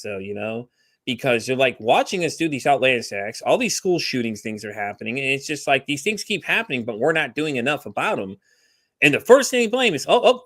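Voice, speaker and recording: A Texan podcast guest tells fast, rambling stories in a casual chat, acting out quoted dialogue. His voice runs on the high side with a fairly bright tone, recorded in clean studio sound with no room noise.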